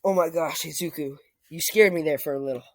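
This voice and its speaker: A casual storyteller voicing a fatherly middle-aged man who teases warmly. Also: medium pitch, fairly quick, lightly acted.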